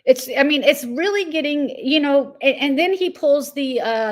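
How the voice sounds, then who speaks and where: Woman commentary host, slightly high voice, irritated and disbelieving. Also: animated, normal speed, hardly any pauses. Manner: irritated, incredulous, addresses target directly. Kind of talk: exasperated commentary rant.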